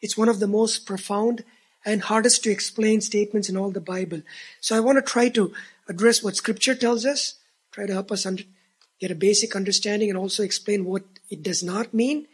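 A man preaching a sermon as pastor, earnest, swelling to emphatic peaks and dropping to hushed tones. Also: high-pitched, steady tone, brisk, slightly rough.

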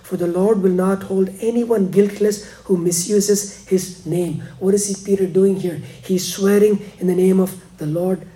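A man preaching a sermon, dropping to hushed, slow lines and rising again for emphasis. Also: fairly even intonation. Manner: preaching, swings between hushed lows and emphatic rises. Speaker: pastor.

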